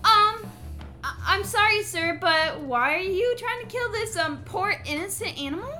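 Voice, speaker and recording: A woman's voice: very high voice, animated, moderate pace, pushed and bright, soft background music, voice pushed up, heavily acted. A woman voicing a chirpy young woman adventurer in a tabletop game, earnest and chatty, hedging often with "um". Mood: persuasive.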